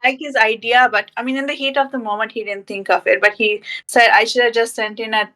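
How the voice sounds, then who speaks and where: A woman's voice: fairly high pitch, fairly even intonation, brisk, sharp tone. A woman in a casual book club chat on a video call, talking in a thoughtful, easygoing way.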